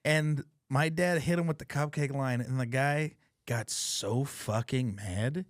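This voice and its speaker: A man hosting a podcast, telling funny family stories in a casual, profane, animated way. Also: mid-range voice, a little slow, no room sound, clean studio sound. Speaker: podcast host. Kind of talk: casual chat, storytelling.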